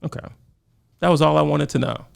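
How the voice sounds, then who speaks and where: Gravelly-voiced man pushing back. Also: a little high, fairly even intonation, brisk. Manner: questioning, pushes back. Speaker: podcast co-host. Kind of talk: casual podcast debate.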